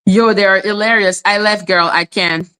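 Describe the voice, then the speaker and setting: A woman's voice: medium pitch, steady tone, moderate pace, pushed and bright, smooth. A woman hosting a livestream, talking in a heated, rambling way with many "like" fillers. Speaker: livestream host. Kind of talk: casual livestream rant.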